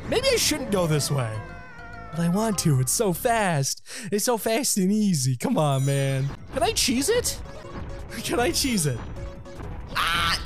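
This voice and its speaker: A man giving excitable let's play commentary, laughing often and breaking into yelps and shouts. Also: high voice, a little slow. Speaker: gameplay commentator. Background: video game music.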